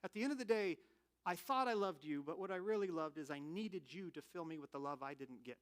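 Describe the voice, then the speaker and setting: A man preaching a sermon in a candid, animated, conversational way, telling personal stories. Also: a little high, fairly quick. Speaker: pastor.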